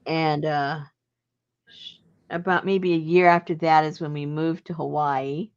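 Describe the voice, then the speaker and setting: Gravelly-voiced woman telling a rambling story. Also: low-pitched, level tone, unhurried. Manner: rambling and chatty, laughs often. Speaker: journaling channel host. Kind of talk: casual storytelling. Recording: dull lo-fi recording.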